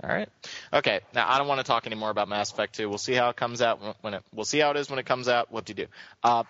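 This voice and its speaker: A man co-hosting a casual gaming podcast, joking and ranting in an animated, exasperated way. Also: medium pitch, rapid-fire, no room sound. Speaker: podcast co-host. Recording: dull lo-fi sound, dry.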